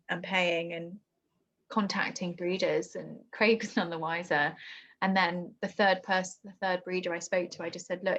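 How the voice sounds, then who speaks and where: A young woman telling a painful personal story in conversation, halting and emotional with many restarts. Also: lowish voice, fairly bright tone. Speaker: guest. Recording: dull lo-fi podcast audio.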